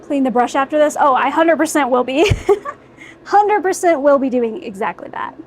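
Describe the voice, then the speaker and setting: A woman's voice: sits high, expressive, normal speed, a little hiss or hum, low-quality recording. A young woman streaming casually while airbrushing miniatures, chatting with her viewers and cheering herself on in an upbeat, playful way.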